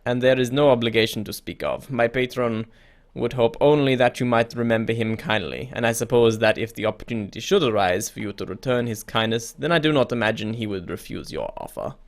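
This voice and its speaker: A man's voice: medium pitch, lightly acted. A man doing a creepy, oily messenger with a French accent. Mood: creepy, insinuating. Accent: put-on French. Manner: slow, insinuating, overly polite. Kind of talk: reading game dialogue aloud.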